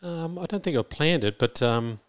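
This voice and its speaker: A man's voice: fairly high pitch, animated, moderate pace. A middle-aged Australian man, a school principal, talking thoughtfully in an interview with many restarts and repeated words. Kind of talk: reflective interview talk.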